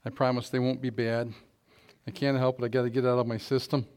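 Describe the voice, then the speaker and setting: A man's voice: mid-range voice, little pitch movement, fast, darkish tone, smooth. A man preaching in a church, telling folksy jokes and reading scripture with rising force. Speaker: pastor. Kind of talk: sermon with jokes.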